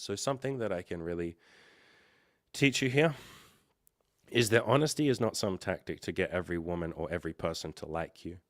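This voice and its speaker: A young adult man hosting a livestream, coaching viewers in a relaxed, reassuring way and swearing now and then. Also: sits low, no room sound, studio quality. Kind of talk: casual livestream coaching chat.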